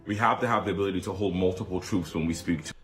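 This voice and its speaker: A man's voice: low-pitched, rapid-fire, music in the background. A man speaking emphatically in a played commentary clip. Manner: forceful, emphatic.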